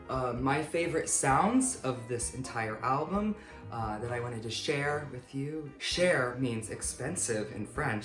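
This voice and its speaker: A singer-songwriter talks through their album in a loose, upbeat, self-mocking way, at an everyday middle pitch. The voice rings a little in a roomy space, with faint music playing underneath. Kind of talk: casual behind-the-scenes chat. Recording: roomy echo.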